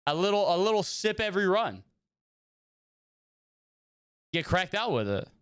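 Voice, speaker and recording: A man's voice: high-pitched, big pitch swings, measured pace, a bit bright, smooth, no room sound, clean studio sound. A young man chatting casually with his viewers while streaming a video game, rambling and greeting them by name. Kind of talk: casual livestream chat while gaming.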